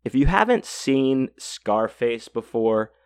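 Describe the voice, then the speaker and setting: A man's voice: medium pitch, very animated, slow pace, darkish tone, clean tone. A podcast host, a man, telling a long story in a casual, rambling way, swearing freely and stopping often to restart his sentences. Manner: rambling, profane, many fillers and restarts.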